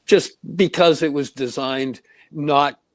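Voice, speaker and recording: A man's voice: fairly high pitch, slow pace, no echo. Man, earnest storyteller, casual podcast talk, dry sound. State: getting emotional.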